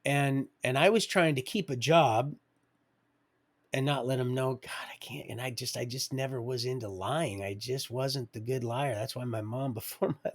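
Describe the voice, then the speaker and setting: On a live stream, a middle-aged man tells his own life story in a loose, digressive, rambling way, chuckling as he goes. His voice is medium-pitched and moves at a normal speed.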